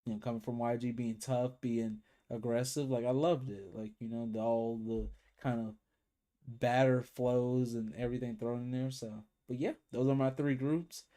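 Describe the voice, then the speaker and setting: A man talks casually to his viewers at the end of a livestream. His voice sits at an ordinary middle pitch. He rambles and restarts his sentences often. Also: fairly even intonation, moderate pace, dark tone. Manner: rambling, with many fillers and restarts. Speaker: K-pop reaction streamer.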